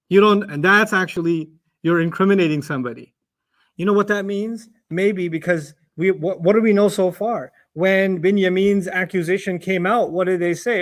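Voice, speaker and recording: A man with a fairly high voice delivers a Quran lecture to listeners. He talks in an animated way, asking rhetorical questions and slipping into little acted-out bits of dialogue. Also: a little fast. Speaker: Quran teacher.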